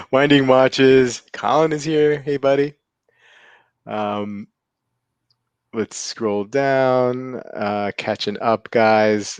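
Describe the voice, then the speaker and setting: A man's voice: lowish voice, clear, resonant tone, no room sound. A man hosting a casual livestream, greeting viewers by name and chuckling often. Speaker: livestream host.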